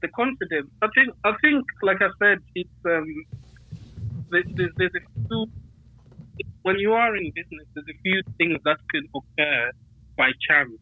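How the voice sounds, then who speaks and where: A man's voice: high-pitched, lively intonation, moderate pace. Man on a tinny phone line. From United Kingdom. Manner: hesitant, many fillers and restarts. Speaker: guest. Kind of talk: casual conversation.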